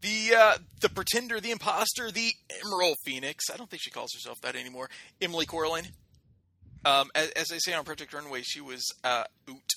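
Bright, gravelly man joking with friends. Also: on the high side, a little fast, no echo. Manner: mock-boastful, theatrical, joking. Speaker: podcast co-host. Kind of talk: casual chat.

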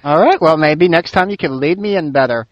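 A man's voice: on the high side, fairly quick, highs cut off, a little hiss or hum. A man in a casual chat, dry and matter-of-fact.

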